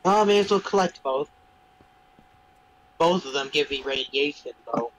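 A man's voice: a little high, moderate pace, low-quality recording. A man hosting a game video, chatting and teasing his co-player casually. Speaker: let's play host. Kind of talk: casual gaming chat.

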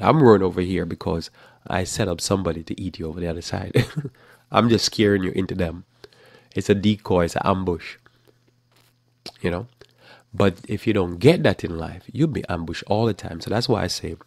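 A male preacher with a deep, gravelly voice recorded close and dry. He talks emphatically, repeats himself and restarts phrases as he drives his points home. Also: darkish tone, no echo. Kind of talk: motivational sermon.

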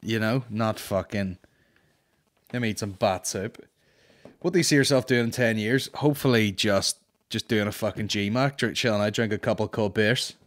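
A man's voice: on the low side, moderate pace, a bit bright. A man hosting a comedy podcast, chatting casually in a profane, rambling, mocking way.

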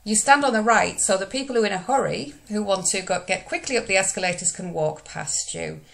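A woman's voice: mid-range voice, brisk, creaky. A woman, giving a recorded lesson over slides in a conversational manner with frequent fillers. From United Kingdom. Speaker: teacher.

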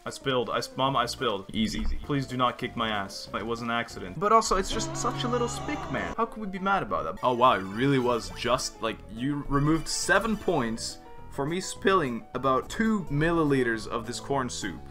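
A young man chatting his way through a video game, excitable and quick to laugh, with casual swearing thrown in. His voice swings widely up and down as he reacts, with faint music playing behind him. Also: medium pitch. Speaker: gaming content creator. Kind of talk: casual gameplay commentary.

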